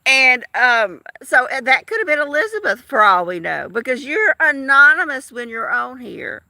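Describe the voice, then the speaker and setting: A woman's voice: high voice, big pitch swings, normal speed, bright, forceful tone, no echo. A woman in her fifties, chatting casually to viewers of her live stream in a rambling, talkative way. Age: 50s. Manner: rambling, chatty, with frequent restarts and laughs.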